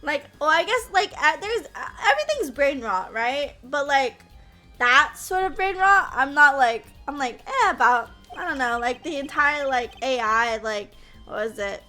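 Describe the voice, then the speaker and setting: A woman in her twenties talks casually to her stream chat in a high, bright, sharp-edged voice. She fills her speech with "like" and a questioning "yeah?". Soft music plays quietly underneath. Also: expressive, unhurried. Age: 20s. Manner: chatty, peppers speech with "like" and "yeah?".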